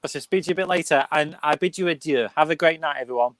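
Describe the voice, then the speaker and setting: A man's voice: on the high side, fast. A man hosting a casual livestream chat, jokey and sweary as he teases his guests. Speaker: livestream host.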